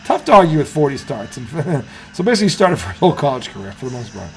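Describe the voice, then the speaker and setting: A man's voice: a little high, very animated, fast, darkish tone. A man hosting a casual sports talk show, chatting loosely with profanity and jokes. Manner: loose, profane, joking banter.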